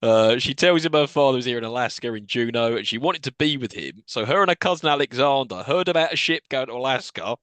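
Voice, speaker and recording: A man's voice: mid-range voice, animated, fast, hardly any pauses, fairly bright tone, no echo. A man co-hosting a podcast, recapping a TV episode in a wry, laughing, chatty way. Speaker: podcast co-host.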